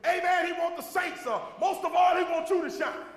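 A man preaching a sermon as pastor, with a Southern American accent, shouting and repeating refrains to a responding congregation. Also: extremely high pitch, a little fast. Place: church sanctuary with congregation. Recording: echoey hall recording.

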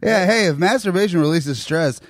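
Crude podcast co-host guy, big swoopy pitch, yells his jokes. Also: expressive, moderate pace, dry recording, clean studio sound. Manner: loud, crude, jumps into mock-shouted bits. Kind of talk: crude comedy podcast banter.

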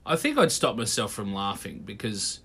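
Husky-voiced laid-back man chatting. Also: fairly low pitch, huge pitch swings, moderate pace, fairly bright tone. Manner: laid-back, swears freely, acts out quoted lines. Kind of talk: casual chat.

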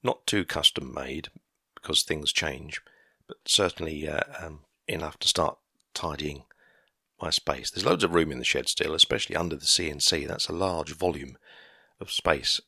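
A podcaster in his fifties delivers a casual solo monologue from a garden shed workshop, rambling and easily sidetracked, chuckling at himself as he drifts between tangents. His very low, husky voice has a bright, forceful edge and a moderate pace; the sound is dry and close with no echo.

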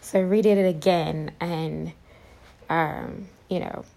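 A young woman telling a personal story to her viewers, halting with many fillers and restarts. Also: fairly low pitch, fairly even intonation, vocal fry, warm tone, rough recording. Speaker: vlogger.

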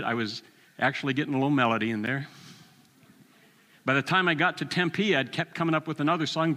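A man in his sixties preaching a sermon, telling a personal story with animated delivery and chuckles. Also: medium pitch, big-room sound.

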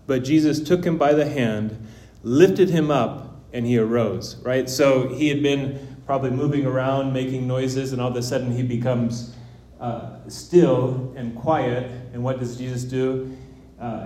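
A man preaching a sermon, telling a personal story in a relaxed way with fillers. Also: medium pitch, echoey room.

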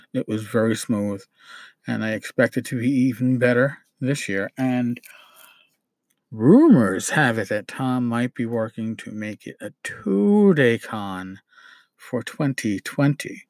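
A man with a New York accent chats casually as a show's host. He rambles and restarts his sentences, in a middle-pitched voice. The sound is close and dry, with no room around it. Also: no room sound. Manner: rambling, self-correcting. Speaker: podcast host. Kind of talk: casual solo chat.

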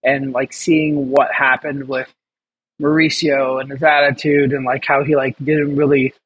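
A man's voice: mid-range voice, level tone, measured pace, fairly bright tone, dull audio, a little hiss or hum. A man, a chef, chatting casually as an interview guest, rambling and swearing, laughing often. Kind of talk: casual chat.

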